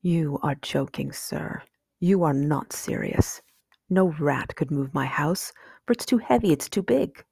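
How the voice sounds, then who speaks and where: Woman doing a worried widowed mouse mother, timid, soft, gravelly, dry. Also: deep voice, animated, moderate pace, no room sound, full character voice. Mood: bitter. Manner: soft, anxious and pleading.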